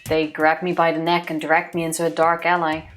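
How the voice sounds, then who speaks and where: A woman's voice: low-pitched, completely flat delivery, fairly quick, soft background music. Woman reading game text aloud. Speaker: let's play co-host.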